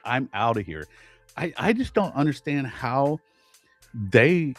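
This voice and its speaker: A man co-hosting a podcast, telling a frustrating story in casual chat, animated and exasperated, often restarting his sentences. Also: mid-range voice, slow pace, no room sound, faint music behind. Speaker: podcast co-host.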